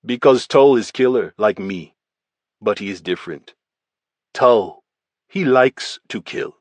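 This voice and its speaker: A man's voice: lowish voice, slow, no echo. A man voicing a blunt, cold male mobster, speaking clipped broken English.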